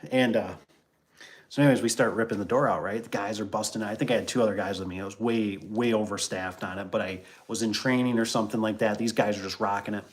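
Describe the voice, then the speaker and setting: A man with a slightly low voice chats casually on a livestream about his garage door trade. He wanders through stories and asides, full of "you know" and "like" and false starts. Now and then he stops to read viewer comments aloud and riff on them. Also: steady tone, fast. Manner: rambling, loose, with many fillers and restarts. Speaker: garage door business owner hosting a livestream. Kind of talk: casual livestream chat and storytelling.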